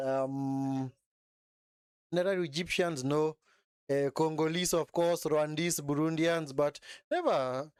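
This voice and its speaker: A man hosts a live football watch-along, mixing play-by-play with easygoing chat aimed at his viewers. His voice sits a little high and comes through smooth and resonant. The sound is dry and close, with no room echo. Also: a little mellow. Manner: chatty, often ends phrases with "man", answers viewers in chat. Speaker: live stream host.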